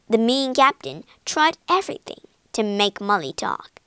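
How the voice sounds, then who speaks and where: A woman tells a storybook slowly and theatrically, slipping into whispers for suspense. Her voice is high and sings across a wide pitch range, in a close, dry recording. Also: big pitch swings, fairly bright tone, clear, resonant tone, dry recording. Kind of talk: storybook narration.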